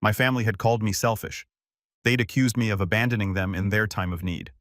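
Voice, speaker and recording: A man calmly narrating a first-person story in an even storytelling voice, recorded close to the mic. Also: fairly low pitch, fast, dry recording.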